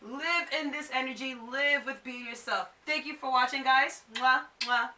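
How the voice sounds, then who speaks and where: Bright-voiced chatty woman in her twenties. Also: high-pitched, moderate pace, distant mic. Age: 20s. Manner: chatty, fills with "like". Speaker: vlogger. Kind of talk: casual chat to camera. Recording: echoey room, a bit off mic.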